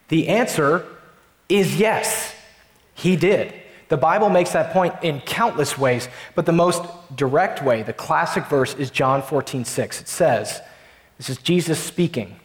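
A pastor preaching a sermon to his congregation, emphatic and slowing down to stress key lines. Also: a little high, expressive, roomy sound, in a large hall.

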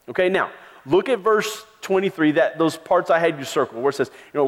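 Male pastor, emphatic sermon delivery, a bit high-pitched, long hall reverb. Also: animated, moderate pace, a bit bright. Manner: emphatic preaching, raising the voice for stress.

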